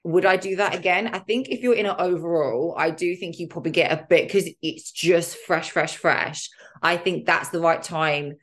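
Low-voiced chatty woman. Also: moderate pace. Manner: candid and chatty, with mild swearing and lots of fillers. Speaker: podcast host. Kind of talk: casual solo podcast chat.

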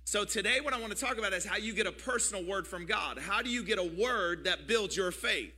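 A middle-aged man preaches a sermon from the pulpit, leaning on repetition and drawing answers from the congregation. His voice sits high for a man and rings with a very bright, forceful edge. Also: expressive, fairly quick, slightly rough. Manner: calls for audience response, repetitive preaching cadence; builds to louder, higher passionate preaching. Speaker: pastor.

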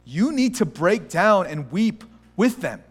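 High-voiced impassioned male pastor. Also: sing-song, slow, slightly rough, faint music behind. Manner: impassioned, swinging between hushed and raised; acts out voices of people in the story. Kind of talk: sermon.

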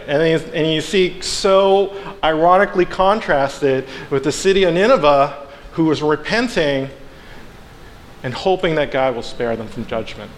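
Casual preacher in a reverberant hall. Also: male voice, medium pitch. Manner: animated storytelling, acts out characters with playful asides. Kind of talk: casual sermon. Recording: long hall reverb, faint background noise.

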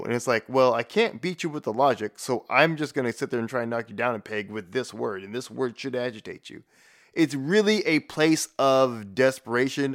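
A man giving a profane, rambling rant in blunt, casual commentary, with frequent restarts. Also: mid-range voice.

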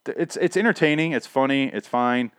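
A young man giving a casual, profane, sarcastic recap of a TV episode, acting out the characters in quick asides. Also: medium pitch, a bit bright, clean tone, no echo, clean studio sound. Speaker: podcaster reviewing a TV episode.

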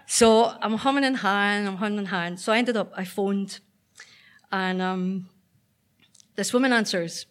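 On stage at a live event, a Northern Irish woman with a medium-pitched voice tells a true story from her own life. She is chatty and self-deprecating, with frequent ums.

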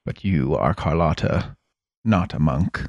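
A man voicing a composed, evasive male leader of a secret order in a tabletop game, in a smooth, guarded way. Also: very deep voice, measured pace, a little mellow, no echo, dull audio, pitched below the performer's own voice.

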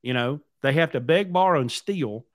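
A man's voice: on the high side, animated, normal speed, dry recording, clean studio sound. Blunt, rambling man telling a story. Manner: rambling, repeats words, blunt and emphatic. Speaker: podcast host and trucking company owner. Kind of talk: casual storytelling.

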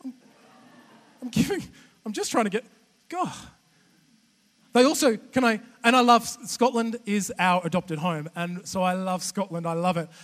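A man with an Australian accent giving a humorous, chatty sermon as a guest preacher, animated and self-deprecating with many restarts. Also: high voice. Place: church auditorium. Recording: long church hall reverb.

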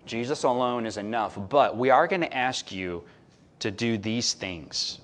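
A man's voice: mid-range voice, lively intonation, unhurried. Man preaching a conversational sermon. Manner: conversational preaching, swings between soft asides and loud emphasis. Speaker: pastor.

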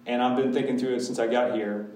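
Man, pastor, candid classroom Q&A, mid pitch, distant mic in a very reverberant room. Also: fairly even intonation, fast talker, darkish tone. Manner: candid, talks in restarts and asides. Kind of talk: casual Q&A with a church class.

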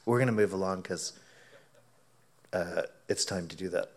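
A man preaching, telling a lively anecdote as a sermon illustration and acting out his own quoted words, often laughing. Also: deep voice, moderate pace. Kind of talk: sermon illustration told as a story.

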